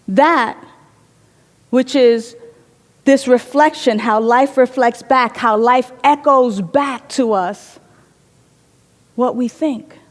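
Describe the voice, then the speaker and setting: A woman's voice: sits high, long reverb tail. A woman giving an inspirational sermon in a reflective manner, telling stories and repeating phrases for emphasis. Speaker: inspirational speaker.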